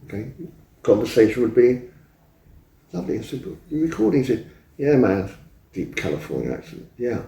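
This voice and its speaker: A man's voice: medium pitch, huge pitch swings, fairly quick, gravelly, pauses often, dark tone. A man in his seventies, an interview guest telling rambling anecdotes and acting out the dialogue he remembers. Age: 70s. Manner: rambling, acts out quoted dialogue. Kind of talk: anecdotal storytelling. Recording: roomy echo, distant mic.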